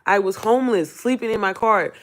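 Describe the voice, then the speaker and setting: A woman coaching viewers in a casual live-stream Q&A, hoarse from losing her voice. She rambles in a heartfelt, emotional way, often close to tears, and calls her viewers y'all and sis. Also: mid-range voice, a little fast, slight background noise. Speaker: online business coach.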